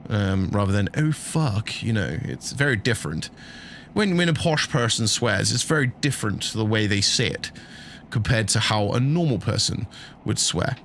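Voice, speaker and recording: A man's voice: lowish voice, animated, normal speed, a bit bright, slight background noise. A middle-aged man chatting casually and jokily while streaming a truck-driving game, laughing often and bantering with his chat.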